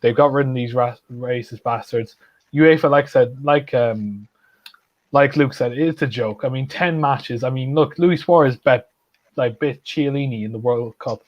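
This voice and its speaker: A blunt, opinionated man talking football, restarting his sentences as he goes. His voice sits at an ordinary pitch. The call audio is dry and a little dull. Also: normal speed, no echo. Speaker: football podcast panelist. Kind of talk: casual football chat.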